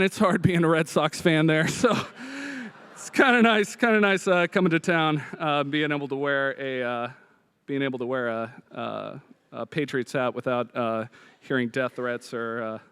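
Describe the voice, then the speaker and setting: A man from Rhode Island giving a joking, excitable live coding demo on stage at a hackathon. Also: on the high side, smooth. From Providence, Rhode Island. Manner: joking, fast, excitable, frequent uh fillers.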